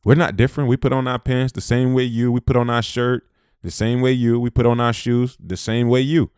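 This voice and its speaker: A man's voice: mid-range voice, fairly even intonation, fairly quick, darkish tone, clean tone, no room sound, clean studio sound. A man giving a motivational talk, hammering points home by repeating short phrases. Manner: preachy, repeats phrases for emphasis, Southern US speech. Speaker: motivational speaker.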